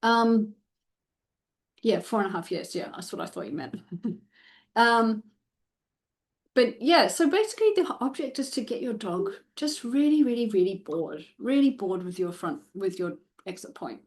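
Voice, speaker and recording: A woman's voice: a little high, expressive, normal speed. A woman coaching a viewer through a dog training routine in a live Q&A. She talks it through step by step and keeps stopping to restart her sentences or add an "um". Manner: step-by-step instructive, many restarts and fillers. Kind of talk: live Q&A advice.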